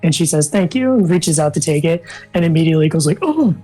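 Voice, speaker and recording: A woman playing a tabletop game, describing her character's actions in a relaxed way. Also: sits low, fast, slightly rough, faint music behind, poor audio. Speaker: player. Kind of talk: tabletop role-play.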